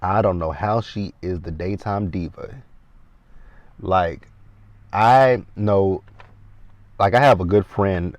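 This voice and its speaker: In a parked car, a man in his thirties who vlogs TV show recaps runs through an episode, chatty and rambling, addressing his viewers directly as "you guys." His voice is deep, and the lo-fi recording sounds dull and dry.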